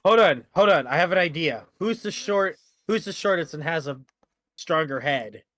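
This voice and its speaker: Man, tabletop player, bright tense voice, lively pitch, teasing. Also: normal speed, no room sound. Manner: brash, teasing. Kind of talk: tabletop game play.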